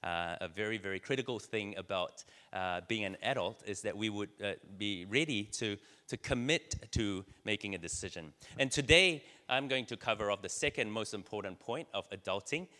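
Bright-voiced man preaching in a hall. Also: on the low side, moderate pace, hardly any pauses. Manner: storytelling with many fillers and restarts. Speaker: church speaker. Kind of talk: sermon. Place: church hall.

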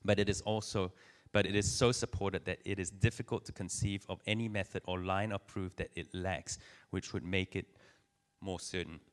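A man's voice: deep voice, fairly even intonation, normal speed. A man preaching a conversational sermon, joking with his listeners and building in energy. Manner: conversational preaching, teasing the audience, rising energy.

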